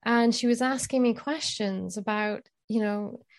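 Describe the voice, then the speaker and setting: A woman guest telling a personal story in an interview, candid and emotional, unhurried. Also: a little high, no echo.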